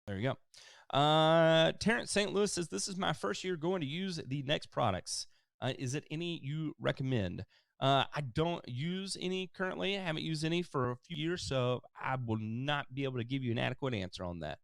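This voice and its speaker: A man's voice: fairly high pitch, moderate pace, vocal fry, dry recording, studio quality. A man hosting a live-stream lawn care help desk, casually reading viewer questions and answering them at length with many fillers. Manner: relaxed, explanatory, many fillers.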